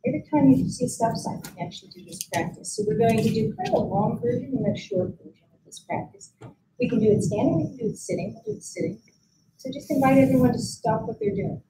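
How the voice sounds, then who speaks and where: A woman teaching a mindfulness practice at a conference, guiding listeners calmly and gently with frequent pauses. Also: sits high, a little hiss or hum, rough recording. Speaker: mindfulness instructor. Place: conference room.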